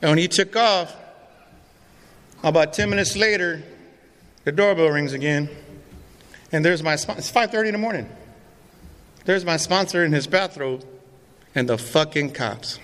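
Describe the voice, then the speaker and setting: A man's voice: a little high, normal speed, pauses often, a bit bright. A middle-aged man speaks to a recovery meeting, telling his own story in a raw, profane, streetwise way. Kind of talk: testimony talk to a recovery meeting. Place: meeting hall. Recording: reverberant hall with faint room noise.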